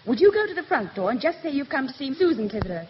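An actress playing a sensible young woman, the older sister, brisk and organising. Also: sits high, big pitch swings, slight background noise. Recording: muffled old radio recording.

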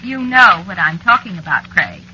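A coy, jealous witch wife; teasing menace, bright and lively delivery, vintage radio drama with faint hiss. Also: mid-range voice, normal speed, rough recording. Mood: menacing. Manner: teasing, coy, softly threatening. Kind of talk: old-time radio drama acting.

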